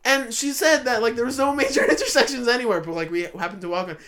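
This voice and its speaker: A man's voice: very high-pitched, quick pace, a bit bright. A young man hosting a podcast, telling a story in casual chat, rambling with lots of fillers and restarts. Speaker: podcast host.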